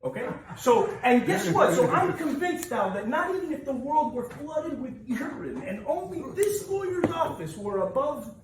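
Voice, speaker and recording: A man's voice: very high-pitched, sing-song, moderate pace, hardly any pauses, background noise. A man telling joking, blunt stories and swearing freely as he speaks to a networking meeting with an audience. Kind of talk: humorous motivational storytelling to a group. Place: meeting room with a live audience. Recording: echoey room from far off with crowd.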